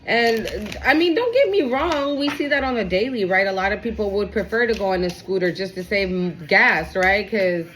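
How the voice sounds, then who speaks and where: A woman's voice: medium pitch, normal speed, few pauses, fairly bright tone, a little hiss or hum. Casual profane woman reading tarot. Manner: casual, profane, repeats "okay?" often. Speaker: tarot reader.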